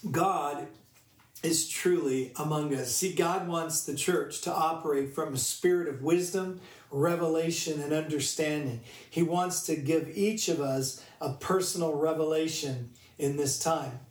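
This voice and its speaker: A man's voice: a little high, steady tone, measured pace, roomy sound, recorded from a distance. A man preaching a sermon, reading scripture and telling a personal story in an earnest manner.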